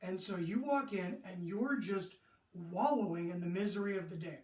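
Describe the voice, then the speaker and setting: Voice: mid-range voice, normal speed. A sports mental coach teaching young athletes, talking animatedly, asking rhetorical questions and acting out athletes' moods. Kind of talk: motivational lesson to young athletes. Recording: roomy echo, distant from the mic.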